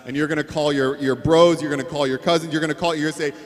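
A man's voice: a little high, steady tone, rapid-fire, few pauses, long reverb tail. A man preaching at a wedding, earnest and conversational, with playful asides to the couple. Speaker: pastor officiating a wedding. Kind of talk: wedding sermon. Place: wedding venue.

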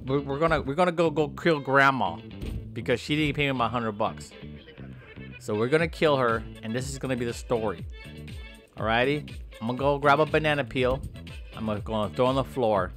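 A man's voice: mid-range voice, a little fast, fairly bright tone, faint music behind. A young man joking his way through gameplay commentary, rambling a silly story and yelping when things go wrong.

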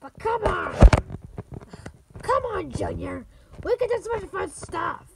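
A woman voicing an excitable young male Koopa who shouts, repeats words and stammers, in a fan comedy skit. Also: very high-pitched, takes it slowly, gravelly, noisy background, heavily acted. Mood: eager.

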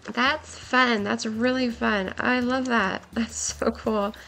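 Young woman, game commentary, gushing and laughing, slightly high voice, worn voice. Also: fairly even intonation, takes it slowly, gravelly, sharp tone. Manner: gushing, giggly, exclaims often. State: voice nearly gone, worn. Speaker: game streamer. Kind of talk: excited gameplay commentary.

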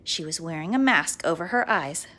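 A woman reading a children's book aloud in an expressive, playful way. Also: fairly low pitch, moderate pace. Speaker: storybook reader.

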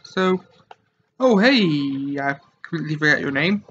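High-voiced young gamer, joking. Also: male voice, expressive, a little slow, fairly bright tone, muffled recording, a little hiss or hum. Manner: joking, rambling, talks to viewers. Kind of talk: casual let's play commentary.

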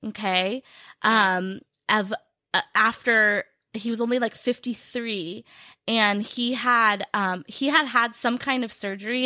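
Slow-talking woman telling spooky stories. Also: fairly high pitch, bright, forceful tone, no room sound, studio quality. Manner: storytelling with many fillers. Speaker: podcast co-host. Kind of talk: casual chat.

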